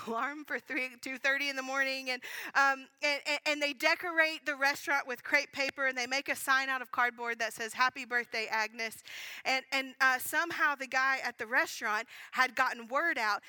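A woman preaches a sermon with a bright, fairly high voice, telling a story in an earnest, animated way and restarting her sentences often. The sound is close and dry, with almost no room echo.

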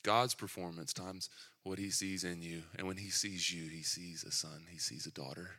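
Bright-voiced pastor preaching to his church. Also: sits low, fairly even intonation, normal speed. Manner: conversational, self-deprecating asides. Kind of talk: sermon.

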